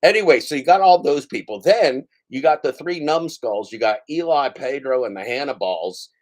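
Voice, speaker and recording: A man hosts a livestream with a loose, rambling rant, taunting and cursing as he goes. His voice sits at an ordinary male middle pitch, with casual, unpolished delivery. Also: lively intonation, normal speed, a little mellow. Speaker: livestream host. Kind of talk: ranting casual commentary.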